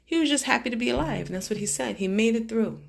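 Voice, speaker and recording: A woman's voice: on the high side, lively intonation, fast talker, gravelly. A woman vlogger giving a motivational monologue to her followers, talking emphatically with shifting pace. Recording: guitar music playing behind the voice.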